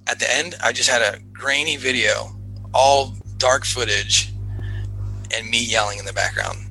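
A man as a podcast guest, telling a story in casual chat, animated and repeating himself as he goes. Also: medium pitch, a little slow, soft background music, low-quality recording. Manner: animated, repeats himself, acts out his own excited shouts.

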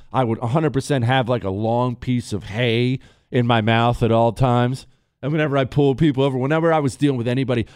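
A man's voice: mid-range voice, no echo. Joking male radio host, dry studio. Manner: joking, animated banter. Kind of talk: casual radio talk. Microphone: studio mic.

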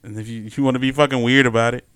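A man's voice: mid-range voice, steady tone, a bit bright, clean tone. A young man in casual chat, swearing freely, laughing and acting out what others say. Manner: profane, laughing, acts out others in quick voices.

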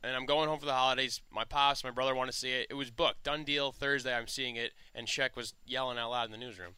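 A man from the newsroom joining a talk show, quickly defending himself. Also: mid-range voice, steady tone, bright, forceful tone, clear, resonant tone. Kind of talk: casual studio chat.

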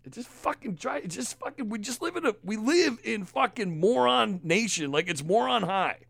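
A man hosting a podcast, ranting angrily with heavy profanity and loud emphasis. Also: high voice, lively intonation, normal speed, creaky, slightly rough, no echo. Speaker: podcast host.

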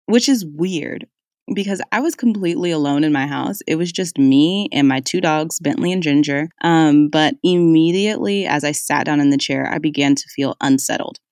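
Podcast host, reflective personal monologue, casual and conversational, mid-pitched voice, dry close recording. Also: no room sound. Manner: casual and chatty, many "like"s and "y'all"s.

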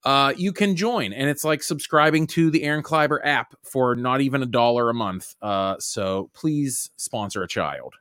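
A man's voice: mid-range voice, normal speed, hardly any pauses, fairly bright tone, no room sound, studio quality. A man hosting a casual podcast from home, loose and jokey, saying "dude" all the time. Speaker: podcast host.

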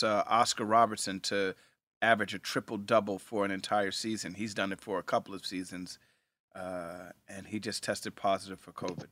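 A man's voice: lowish voice, a bit bright, no echo. A man co-hosting a podcast rewatch, chatting casually and animatedly, laughing often. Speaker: podcast co-host. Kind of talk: casual chat.

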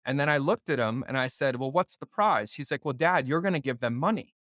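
Guy hosting a podcast, super animated storytelling, drops swears, dry close mic. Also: medium pitch, fairly quick, no room sound. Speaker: podcast host. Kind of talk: casual conversation.

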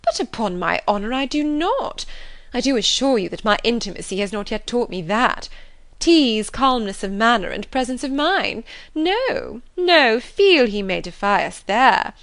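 Woman reading as a haughty society lady, arch, affected, lively ups and downs. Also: on the high side, measured pace, no echo, pitched above the performer's own voice, heavily acted. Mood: mocking.

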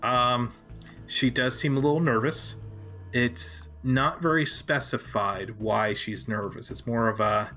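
A man running a tabletop game, narrating scenes in a relaxed, loose way. He fills pauses with ums and likes. His pitch is average for a man. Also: faint music behind. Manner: casual, many fillers. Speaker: game master.

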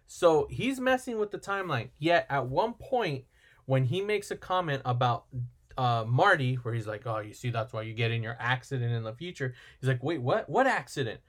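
Casual podcast co-host, male, mid-pitched, rambling recapper who slips into character lines. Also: very animated, normal speed, fairly bright tone. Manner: rambling storyteller, acts out film lines. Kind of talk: casual movie recap chat.

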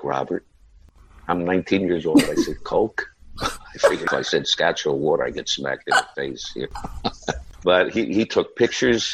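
Gravelly low-voiced man in his seventies. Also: low-quality recording. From United States. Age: 70s. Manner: rambling anecdotes full of "you know" and "uh". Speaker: interview guest, singer. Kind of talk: casual storytelling interview.

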